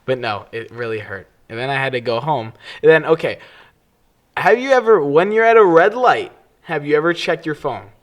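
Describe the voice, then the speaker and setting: A young man co-hosting a podcast in casual chat, telling stories with lively energy and yelling when quoting others. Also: on the high side, normal speed. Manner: animated storytelling, yells when quoting others. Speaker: podcast co-host. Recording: clipping on loud moments.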